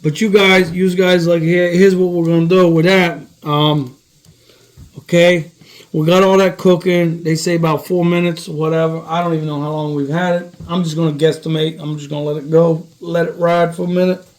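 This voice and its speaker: Slightly high man, loose profane cooking chatter, echoey kitchen, mic far off. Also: level tone, moderate pace. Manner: loose, joking and profane, talks to viewers. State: eyes watering from onions. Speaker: home cooking show host. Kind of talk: casual cooking chat. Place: home kitchen.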